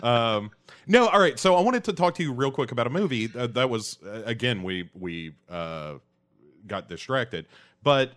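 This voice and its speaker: A man's voice: medium pitch, lively intonation, normal speed, a bit bright. A man hosting a podcast in casual chat, rambling and joking, often sidetracking himself. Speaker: podcast host.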